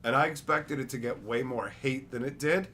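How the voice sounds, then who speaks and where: A man's voice: mid-range voice, moderate pace, bright, forceful tone, slight background noise. A young man chatting casually on a livestream, rambling, joking and swearing freely. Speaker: streamer.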